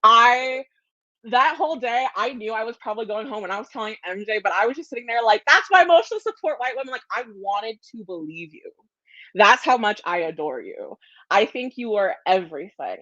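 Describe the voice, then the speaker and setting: A woman's voice: mid-range voice, a bit bright, no room sound. Woman juror talking on a call, gushing and laughing, kinda stoned, swears a lot, muffled dry audio. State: a little stoned. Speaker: jury member. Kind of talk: emotional farewell speech on a call.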